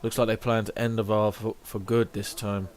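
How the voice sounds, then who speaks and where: A man's voice: on the low side, level tone, moderate pace, darkish tone, close to an everyday voice. A man reading as a grim giant warrior. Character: male giant horned warrior, grim and weary.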